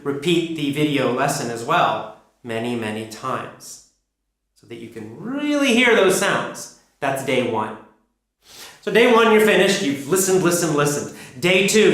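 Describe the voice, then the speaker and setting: Male English teacher, emphatic coaching delivery, slightly high, heavy room echo. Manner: energetic, emphatic, repetitive coaching. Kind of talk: instructional explanation. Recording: very echoey room.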